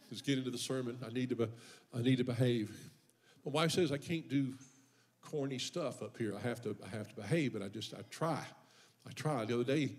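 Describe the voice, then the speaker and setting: Folksy older pastor. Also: male voice, mid-range voice. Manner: joking, folksy. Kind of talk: sermon. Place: church.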